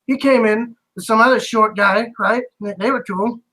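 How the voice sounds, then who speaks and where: A game master voicing an angry, foul-mouthed male bartender who shouts and complains frantically. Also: mid-range voice, moderate pace, lightly acted, rough recording. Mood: aggrieved.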